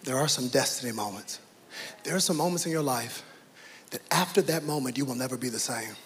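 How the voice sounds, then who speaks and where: A man preaching a sermon, dramatic, swinging from hushed to shouting. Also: mid-range voice, brisk. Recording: reverberant hall with faint ambience.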